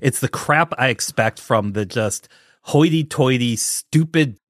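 A man's voice: medium pitch, measured pace, dry recording, studio quality. A man co-hosting a casual podcast, blunt and sarcastic, prone to ranting. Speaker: podcast co-host. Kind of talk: casual chat.

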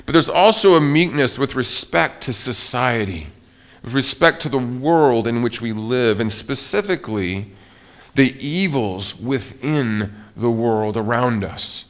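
Guy pastor preaching, chatty and loose, keeps restarting sentences, mid pitch. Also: expressive, measured pace. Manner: conversational preaching with frequent restarts. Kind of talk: sermon. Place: church.

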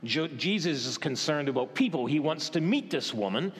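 A male pastor preaching a sermon, asking the congregation questions and dropping to a hush for tender moments. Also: on the high side, expressive. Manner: questioning, dramatic pauses, softens to a hush for gentle moments. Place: church. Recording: reverberant church hall.

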